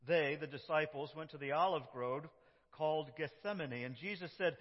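A pastor preaching a sermon in a church, dramatic, moving from loud cries to hushed prayer. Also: male voice, a little high, normal speed. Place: church sanctuary. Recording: dull, echoey church sound.

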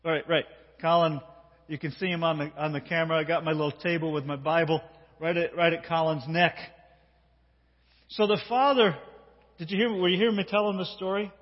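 A man preaching as pastor, telling a story and talking directly to a child and the congregation with animated delivery. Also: fairly high pitch, fairly quick. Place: church sanctuary. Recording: dull sound with long hall reverb.

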